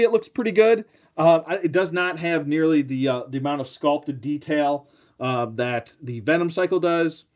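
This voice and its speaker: A man's voice: a little high, darkish tone. A man giving a casual toy review, rambling and joking, with lots of ums and uhs.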